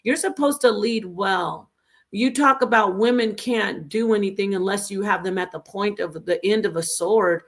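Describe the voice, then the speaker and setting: A woman host talks through her views in casual commentary, earnest and emphatic. Her voice sits at an ordinary middle pitch. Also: moderate pace.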